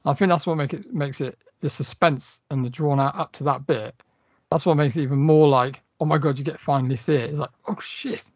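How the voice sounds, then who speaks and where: A man's voice: on the high side, steady tone, brisk, no echo. A man co-hosting a horror podcast, chatting enthusiastically and rambling, laughing often. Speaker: podcast co-host. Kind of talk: casual chat. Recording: dry, muffled podcast audio.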